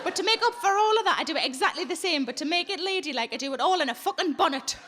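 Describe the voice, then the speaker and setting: A woman's voice: very high-pitched, expressive, very fast, fairly bright tone. A woman comedian, telling blunt, sweary stories in a live stand-up set. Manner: blunt, sweary, conversational storytelling. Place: theatre stage, live audience.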